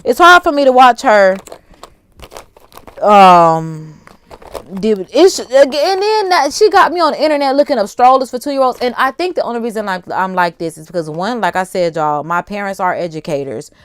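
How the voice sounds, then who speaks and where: A young adult woman hosting a casual livestream, chatty and animated, talking straight to her viewers in slangy asides. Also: on the high side, moderate pace, clean tone, no echo. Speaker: livestream host.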